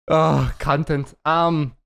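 A man hosting a casual podcast chat, ranting with heavy swearing and quick to laugh. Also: a little high, creaky, very noisy. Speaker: podcast host.

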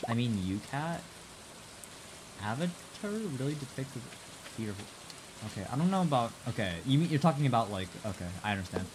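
A young male streamer talks casually to his chat, rambling, restarting lines and swearing. His pitch swings up and down a lot. A clear layer of background noise runs under the voice. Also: animated, a little fast.

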